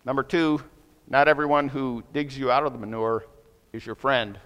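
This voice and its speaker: A male pastor preaching a sermon, telling a story and acting out the voices of people in it with rising excitement. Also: mid-range voice, moderate pace, long reverb tail.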